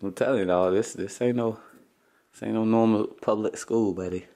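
A man's voice: on the low side, steady tone, moderate pace, mellow. A man, a father hosting a casual family vlog at home, ribbing his kids with profane jokes and frequent laughs. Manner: teasing, profane, joking banter.

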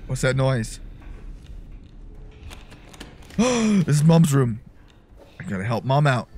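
A man's voice: medium pitch, big pitch swings, takes it slowly, pauses often, a little mellow, husky, faint music behind. A young man doing casual gameplay commentary, jokey and profane, breaking into sudden yelps. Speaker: let's-play gamer.

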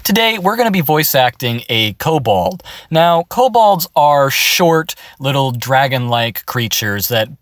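A man's voice: medium pitch, sing-song, unhurried, few pauses, a bit bright, dry recording, studio quality. A man giving a casual, upbeat voice acting tutorial, explaining step by step from his car.

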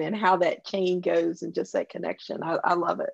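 A woman's voice: fairly low pitch, a little slow, vocal fry, hardly any pauses, no echo. Southern lady guest, heartfelt storytelling, muffled dry recording. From Southern US countryside. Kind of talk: conversational interview.

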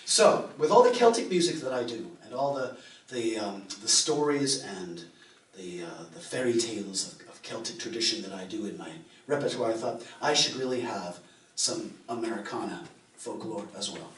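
A man's voice: on the low side, lively intonation, moderate pace, distant mic. An American man, a folk musician, telling a rambling anecdote on stage between songs at a live concert. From United States. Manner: rambling and anecdotal, restarting phrases. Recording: roomy live recording from afar.

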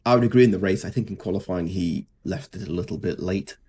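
A man's voice: low-pitched, fast talker, mellow, husky. A man, co-hosting a podcast in casual, sarcastic chat. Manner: dry, sarcastic, mocking impressions. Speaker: podcast co-host.

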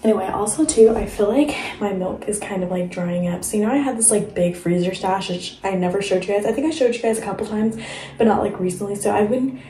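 A woman's voice: medium pitch, fast, mellow, roomy sound, rough recording. A young woman vlogging at home late at night in a casual, chatty way, saying "like" a lot. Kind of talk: casual vlog chat.

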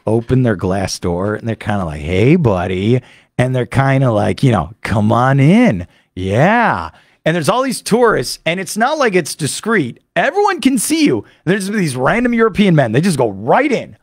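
A man hosting a sports radio show, telling a rambling, excitable story full of fillers into a studio microphone. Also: fairly high pitch, normal speed, no room sound. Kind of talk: animated monologue recapping a trip.

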